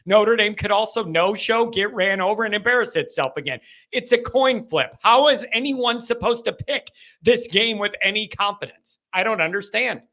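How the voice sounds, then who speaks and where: A man's voice: high voice, moderate pace, hardly any pauses, sharp tone. A male host of a live sports call-in show, talking in a frustrated, rambling way with many restarts. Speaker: podcast host.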